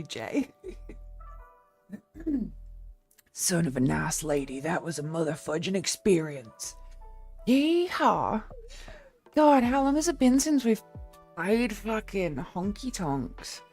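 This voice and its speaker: Woman streamer, low voice, candid and blunt, faint music behind. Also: a little mellow. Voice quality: lower-toned voice. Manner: candid, blunt, quick to laugh. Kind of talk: casual live-stream chat.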